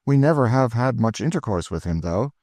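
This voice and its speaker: A man reading a frank young gentleman who answers plainly and earnestly, only a touch higher than his narrating voice. The read is dry and close. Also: animated, brisk, no room sound, close to an everyday voice.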